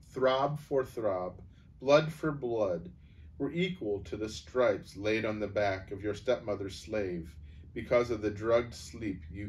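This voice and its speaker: A man voicing a great, wise, gentle male lion who speaks solemnly and in a measured way, in a storybook read-aloud. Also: on the low side.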